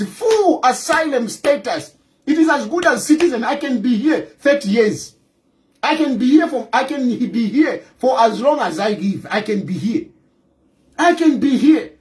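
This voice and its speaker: A Zambian political commentator with a very high voice delivers an impassioned monologue to the camera. He's forceful and repetitive, pounding the same points over and over and bursting into scornful laughter.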